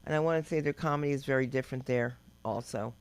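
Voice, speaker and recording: A woman's voice: a bass voice, fast, clear, resonant tone. An older woman doing open-mic stand-up, telling brash, rambling stories and acting out quotes. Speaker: stand-up comedian. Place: comedy club stage.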